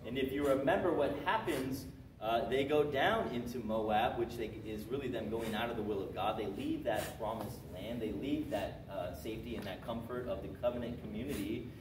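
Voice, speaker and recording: A man teaching a Sunday school class, reading scripture slowly and coaxing his students with a chatty manner. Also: medium pitch. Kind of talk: Bible quiz lesson. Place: church classroom. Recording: roomy echo, distant mic, noisy.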